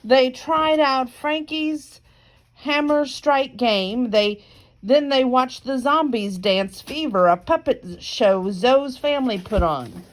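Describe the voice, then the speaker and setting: A woman reading a children's picture book aloud, slow and careful, with chatty asides between pages. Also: high-pitched. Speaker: reader.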